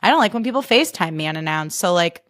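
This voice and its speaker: A woman's voice: lowish voice, lively intonation, fast talker, fairly bright tone, dry recording, clean studio sound. A woman podcast host and comedian in a casual comic monologue, chatty and sarcastic, full of fillers.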